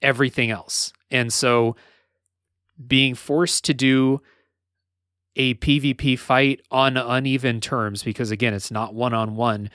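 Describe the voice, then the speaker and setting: A man's voice: mid-range voice, steady tone, a little slow, a bit bright, no echo, studio quality. A man co-hosting a casual gaming podcast, rambling with lots of filler words and restarts. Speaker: podcast co-host.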